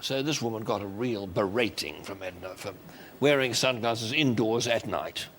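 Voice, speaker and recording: An older Australian man telling wry stories as a guest on a chat show. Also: fairly low pitch. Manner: wry, unhurried storytelling. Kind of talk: anecdotal chat show talk. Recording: noisy television studio.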